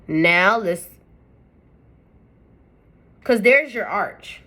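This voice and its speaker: Lively, chatty woman teaching makeup. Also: medium pitch, takes it slowly, pauses often. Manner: chatty, playful, talks straight to viewers. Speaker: makeup tutorial host. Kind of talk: casual step-by-step tutorial talk.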